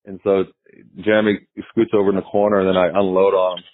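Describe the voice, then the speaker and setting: A man's voice: low-pitched, level tone, fast. Man telling stories over a tinny phone line. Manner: rambling, repeats words, laughs while telling stories. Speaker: former baseball pitcher, guest. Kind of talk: casual storytelling interview.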